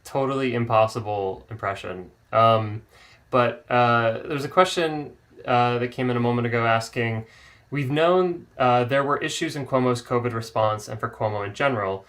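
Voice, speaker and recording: A man co-hosting a political talk show, relaxed and casual as he reads out audience questions. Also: medium pitch, moderate pace. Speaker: co-host.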